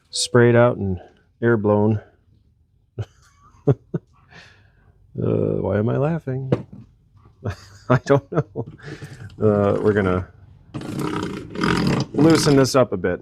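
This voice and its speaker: A man's voice: fairly low pitch, takes it slowly, vocal fry, pauses often, darkish tone, no room sound. Chatty self-mocking man in a workshop. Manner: rambling, self-deprecating, chuckles often. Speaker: channel host repairing a chainsaw. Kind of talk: casual workshop narration.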